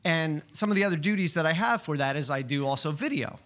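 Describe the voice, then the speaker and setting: Excitable man telling a story. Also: on the high side, quick pace. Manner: chatty and excitable, many fillers and restarts. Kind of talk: live open-mic storytelling.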